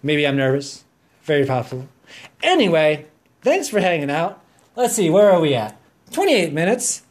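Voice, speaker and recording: On his solo podcast, this host talks casually in a hyper, goofy, meandering way. His voice sits a little high, swings widely in pitch, and keeps a moderate pace.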